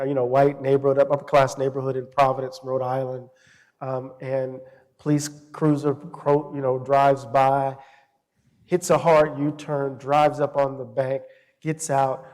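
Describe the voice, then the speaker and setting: A middle-aged man speaking as a guest scholar in an interview, telling stories with passion and reflecting aloud. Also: medium pitch. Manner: passionate storyteller, animated and reflective. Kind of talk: interview conversation. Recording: reverberant hall.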